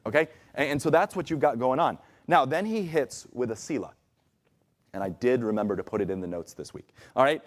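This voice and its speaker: A man's voice: mid-range voice, animated, fairly quick. A man preaching a conversational sermon in a church, acting out the voices he quotes. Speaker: pastor. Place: church sanctuary.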